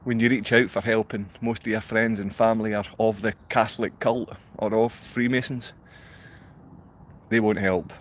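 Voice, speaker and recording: Rambling Scottish man with a low voice. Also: steady tone, moderate pace. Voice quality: rambling, ranting, blunt. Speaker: livestreamer. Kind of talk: rambling monologue to a live online audience.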